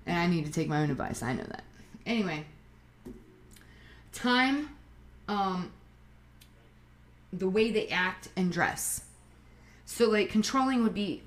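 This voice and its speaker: A woman with a Southern US accent giving relationship advice in a blunt, profane, emphatic casual monologue. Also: fairly low pitch. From Southern United States.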